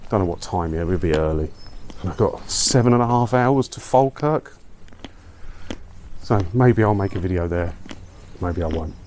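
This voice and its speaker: A man's voice: low voice, lively intonation, moderate pace, long pauses, a little mellow, slight background noise. A man talking in a rambling, chatty, self-mocking way while walking outdoors for his vlog. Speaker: vlogger. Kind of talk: casual walking vlog chat.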